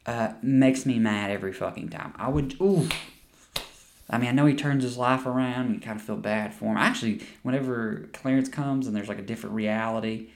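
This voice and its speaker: A man's voice: mid-range voice, brisk, gravelly, hardly any pauses, slight background noise. A young man hosting a podcast and chatting casually about a movie, rambling and swearing a lot. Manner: rambling, profane, with frequent restarts and laughs. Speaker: podcast host. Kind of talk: casual movie review chat.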